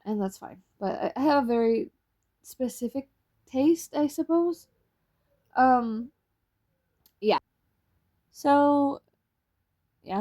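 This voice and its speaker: A young woman talks over her own footage in a loose, rambling way, dropping casual swears and little laughs. Her voice sits a bit high, with a gravelly, fried edge on it. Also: mellow. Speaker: vlogger. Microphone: voice-over mic.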